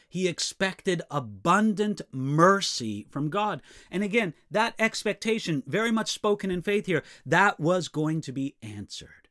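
A man delivering an expository sermon in a fairly high, lively voice that climbs for emphasis when he reads scripture. Between readings he falls low and quiet for asides, and his tone swings widely across each phrase. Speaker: preacher.

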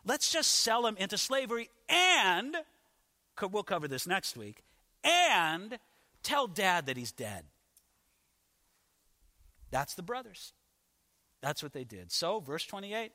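Bright-voiced preacher with hall echo. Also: male voice, high voice, very animated, measured pace, pauses often. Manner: dramatic storytelling, rhetorical questions, shifting volume. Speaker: pastor. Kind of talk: sermon.

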